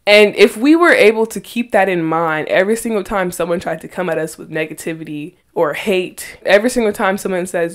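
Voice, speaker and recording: A woman's voice: lowish voice, fairly quick, hardly any pauses. A woman hosting a faith podcast, earnestly reading Bible verses aloud and pressing her points with emphatic rhetorical questions. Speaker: podcast host.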